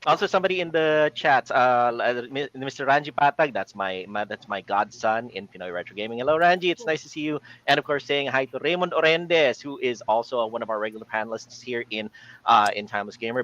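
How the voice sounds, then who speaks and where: A man hosting a casual panel chat on a live stream, affable and quick to laugh as he greets viewers. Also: medium pitch, fairly bright tone, slight background noise. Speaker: host. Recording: dull lo-fi sound.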